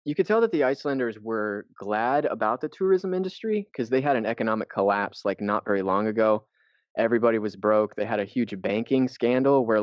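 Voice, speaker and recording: The recording is dull, dry lo-fi podcast audio with no room sound. A US man with a lowish voice co-hosts, loosely recounting a trip and swearing in passing.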